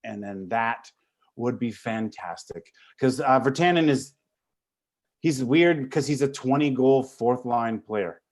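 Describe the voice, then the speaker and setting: A man's voice: mid-range voice, slow. Male host, loose swearing banter on a call-in sports stream. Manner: profane, joking, rambling. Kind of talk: casual sports talk stream. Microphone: video call.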